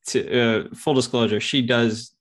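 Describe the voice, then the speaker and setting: A man's voice: medium pitch, fairly even intonation, moderate pace, breathy edge. A man co-hosting a podcast, blunt and teasing in casual chat. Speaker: podcast co-host.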